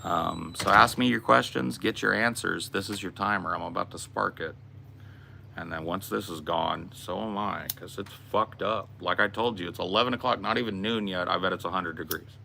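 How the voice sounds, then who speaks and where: Brief: low-voiced American host, laid-back and blunt, slight hiss in the background. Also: male voice, normal speed, gravelly, pushed and bright. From United States. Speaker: podcast host. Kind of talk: casual Q and A with chat.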